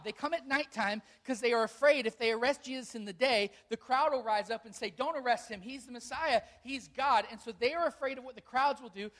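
A pastor delivers a sermon to a gathered congregation. The voice sits at a middle pitch and leans hard on key words, earnest and emphatic as the story unfolds. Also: a bit bright.

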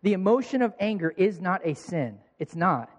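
A young male pastor delivers a sermon in a loose, conversational storytelling way, often tripping over and repeating his words. His voice sits notably high for a man. The sound carries the long reverb of a large church hall. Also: very animated, moderate pace.

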